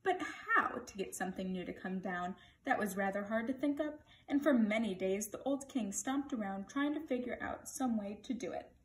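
A woman's voice: medium pitch, normal speed, hardly any pauses, recorded from a distance. Woman reading a storybook to children. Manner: friendly, expressive. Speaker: storybook reader for schoolchildren. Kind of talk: reading a picture book aloud. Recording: echoey room.

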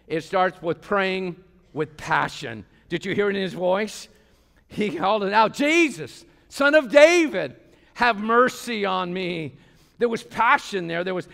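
A man preaching a passionate sermon as pastor of a church, swinging between loud calls and quiet asides. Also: sits high, creaky. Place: church sanctuary. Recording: long hall reverb.

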